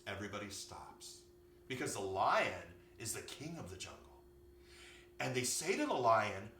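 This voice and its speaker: A man, a yoga teacher, telling an animated story for children. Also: lowish voice, moderate pace. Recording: echoey room, far from mic, faint hum.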